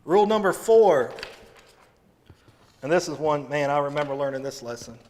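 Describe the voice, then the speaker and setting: Folksy pastor in a reverberant church. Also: male voice, on the high side, lively intonation, moderate pace. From Missouri, USA. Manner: folksy and humorous, shifting between loud emphasis and quiet asides. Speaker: associate pastor. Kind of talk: sermon. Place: church sanctuary.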